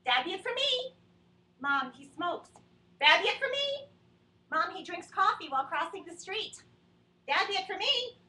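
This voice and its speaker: Woman doing a nagging suspicious older mother, high, bright, blunt, rapid questions, roomy, far from the mic. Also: sing-song, full character voice. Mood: dismissive. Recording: roomy sound from a distant webcam mic.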